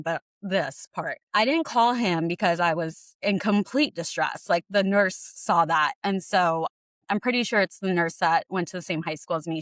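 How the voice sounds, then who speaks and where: A woman co-hosting a podcast, telling a painful personal story in a tearful, fast, rambling way with lots of "like". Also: mid-range voice, a bit bright, no room sound. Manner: tearful, fast, says like a lot. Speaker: podcast co-host sharing her story.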